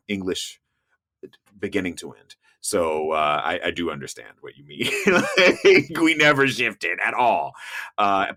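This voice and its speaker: Man, low-pitched, bright forceful tone, talkative storyteller, casual interview guest. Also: no room sound, clean studio sound. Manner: chatty storyteller with frequent restarts. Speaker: podcast guest, travel show host.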